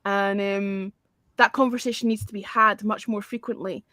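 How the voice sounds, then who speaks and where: A woman's voice: medium pitch, steady tone, moderate pace, pushed and bright, no echo, studio quality. A woman, hosting a casual music chat in a blunt, swearing manner. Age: 40s. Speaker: host.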